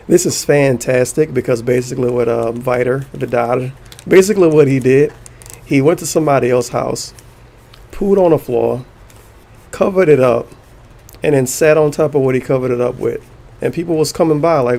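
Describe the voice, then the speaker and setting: A male streamer reacting live to forum posts, sarcastic and mocking, swearing freely. His voice has a gravelly, creaky texture at a middle pitch. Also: normal speed, a little mellow. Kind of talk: casual stream commentary, reading aloud.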